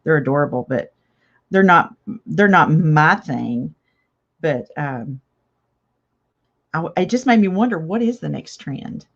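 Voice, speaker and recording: A woman's voice: low-pitched, lively intonation, measured pace, pauses often, breathy edge, highs cut off. An older woman hosting a casual live craft chat, chatty and reading viewer comments aloud with frequent laughs. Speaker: craft channel host.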